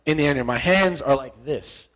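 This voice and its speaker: A man's voice: fairly high pitch, normal speed, a bit bright, poor audio. A young American man, a former soldier, telling a story in an interview. He talks animatedly, repeats phrases for effect, and acts out the dialogue he remembers.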